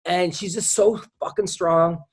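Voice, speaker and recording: A man's voice: sits high, steady tone, unhurried, slightly rough. A man hosting a podcast, chatting casually and rambling through stories with frequent restarts. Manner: rambling storyteller with many restarts. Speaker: podcast host. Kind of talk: casual chat.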